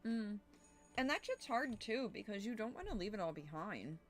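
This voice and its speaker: A woman's voice: medium pitch, very animated, normal speed, soft background music. A young woman streamer chatting casually while playing a game, thinking aloud and swearing now and then. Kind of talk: casual gameplay chat.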